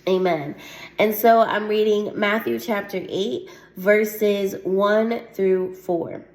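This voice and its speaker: A woman at a middle pitch preaches a heartfelt teaching sermon and reads scripture aloud. She punctuates her points with frequent "Amen"s and soft laughs. The room around her is echoey. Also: slow. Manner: earnest, repeats "Amen" often, laughs lightly. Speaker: host of a faith testimony show.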